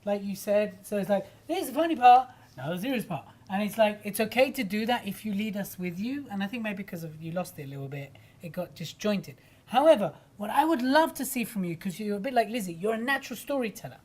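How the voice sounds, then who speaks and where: A woman trainer giving lively, direct feedback to a speaker. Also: mid-range voice, fast talker. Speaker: judge and trainer.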